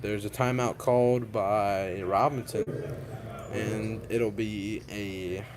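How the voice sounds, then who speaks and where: A young man co-commentating on a school basketball game, calling the plays in an unhurried way. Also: fairly low pitch, fairly even intonation, crowd noise. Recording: noisy gym ambience behind.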